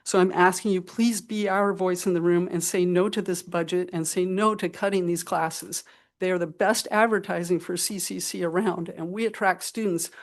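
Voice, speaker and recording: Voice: mid-range voice, steady tone, moderate pace. A person giving public comment at a college budget meeting, earnest and pleading.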